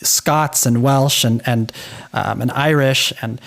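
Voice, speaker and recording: A man's voice: mid-range voice, steady tone, takes it slowly, creaky, a bit bright. A man with a General American accent co-hosting a podcast about language, talking casually with frequent ums and restarts. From United States. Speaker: podcast co-host. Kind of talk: casual conversational podcast talk.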